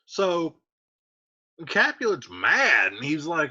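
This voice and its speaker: A man's voice: on the high side, big pitch swings, moderate pace, bright, forceful tone, husky. A man teaching a literature lesson in plain, casual speech, often saying "like". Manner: plain-spoken, uses "like" a lot. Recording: dull lo-fi recording.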